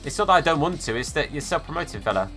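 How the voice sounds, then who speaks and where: A man's voice: a little high, big pitch swings, very fast, a bit bright, faint music behind. A man live-streaming a football game, chatting casually and answering viewers by name, calling them mate and fella.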